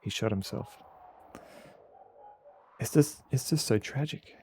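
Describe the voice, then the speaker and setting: A man with an Australian accent streaming a game, chatting casually in a halting, rambling way with many fillers. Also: mid-range voice, a little mellow, a little hiss or hum. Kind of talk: casual commentary while playing a game.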